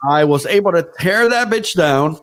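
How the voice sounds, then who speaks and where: A man with a somewhat high voice tells a long story in a casual podcast chat. He is animated and profane, slipping into the voices of the people in the story. His delivery is loose and conversational. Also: normal speed. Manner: animated storyteller who swears freely and acts out other people's lines. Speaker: event DJ telling a story.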